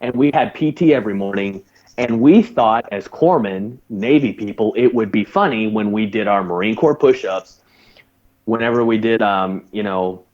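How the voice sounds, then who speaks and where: A man's voice: on the low side, normal speed, dull audio. Swearing man telling a war story. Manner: profane, animated anecdote telling with put-on quotes. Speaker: guest, former Navy corpsman. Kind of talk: casual podcast storytelling.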